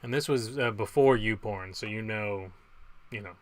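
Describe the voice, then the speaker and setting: A man's voice: on the low side, moderate pace. A man hosting a casual live trivia game from home, reading questions and rambling through jokey asides in between. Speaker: trivia quiz host.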